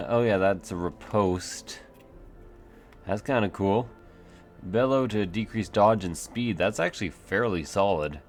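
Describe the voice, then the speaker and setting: Let's-play host, lowish voice, rambling and self-mocking, faint game music under him. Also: male voice. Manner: rambling, self-mocking, thinks aloud with fillers. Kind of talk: casual gameplay commentary.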